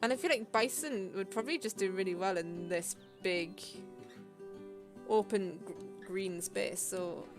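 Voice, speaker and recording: A young woman streaming a game from her bedroom, chatting in a relaxed way and thinking aloud. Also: medium pitch, unhurried. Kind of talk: casual gameplay chat. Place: bedroom at home. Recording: game music playing underneath.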